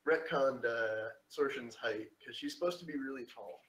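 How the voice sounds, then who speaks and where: Man, game master, rambling, clears his throat, roomy echo. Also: medium pitch, moderate pace, a bit bright. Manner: rambling, filler-heavy, clears throat often. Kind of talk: narrating a tabletop game.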